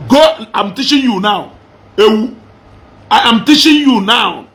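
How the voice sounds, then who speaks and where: Brief: Igbo-accented Nigerian male commentator, high voice, combative, taunting, repetitive rant. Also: expressive, unhurried, fairly bright tone. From southeastern Nigeria. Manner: mocking, combative, repeats phrases for emphasis. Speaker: social media commentator.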